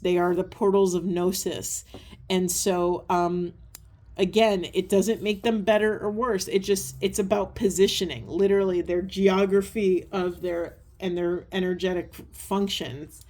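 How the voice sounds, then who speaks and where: A woman giving a spiritual oracle card reading, talking in a soft, earnest, meandering way with many pauses and ums. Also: mid-range voice. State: tearful at times. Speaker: tarot and oracle reader.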